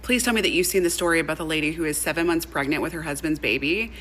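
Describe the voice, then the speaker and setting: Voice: medium pitch, fast, a bit bright, slight background noise, low-quality recording. A speaker from a played clip retelling a story in a chatty, gossipy way. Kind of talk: casual storytime.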